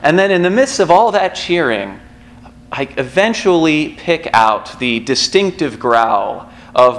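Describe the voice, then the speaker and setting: A man's voice: mid-range voice, fairly bright tone. A man pastor preaching a sermon in a church, in a conversational storytelling manner with asides.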